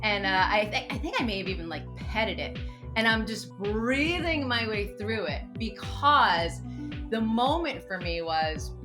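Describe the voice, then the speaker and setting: Animated woman telling a story over music. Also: mid-range voice, measured pace. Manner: dramatic, expressive, laughs often. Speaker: podcast guest, teacher and meditation coach.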